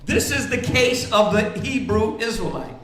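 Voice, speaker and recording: A man's voice: sits high, sing-song, normal speed, a bit bright, echoey room. A man preaching in a casual, conversational way, often asking "right?" and acting out the voices of the people he quotes. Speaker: priest teaching scripture.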